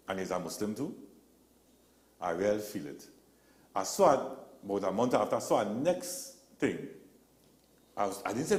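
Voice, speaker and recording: A man tells stories as a talk show guest, lively and expressive, voicing the people he quotes. His pitch moves around a lot. The room gives a noticeable echo. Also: moderate pace, long pauses. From Trinidad and Tobago. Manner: animated storyteller, acts out quotes. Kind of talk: casual talk show conversation.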